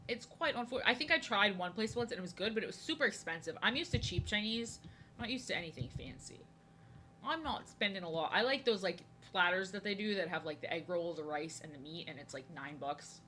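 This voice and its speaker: A woman's voice: mid-range voice, lively intonation, fairly quick, bright, forceful tone, a little hiss or hum. A young woman chatting casually with her live chat while drawing, often saying things twice. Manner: chatty, answers chat, often repeats herself. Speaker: art streamer.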